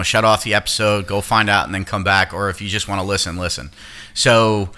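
A man's voice: medium pitch, pushed and bright, clear, resonant tone. A man hosting a casual podcast chat, rambling, swearing now and then and explaining at length. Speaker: podcast host.

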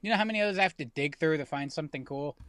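A man's voice: on the high side, rapid-fire, fairly bright tone, dry recording, studio quality. A man in his thirties co-hosting a casual podcast chat, rambling and often restarting his sentences. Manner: rambling, self-correcting. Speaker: podcast co-host.

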